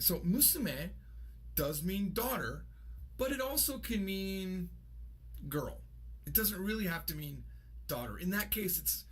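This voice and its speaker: A man's voice: fairly high pitch, husky. A man in his thirties giving a casual, rambling video lesson and correcting himself as he goes. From United States. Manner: chatty, rambling, self-correcting. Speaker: language teacher.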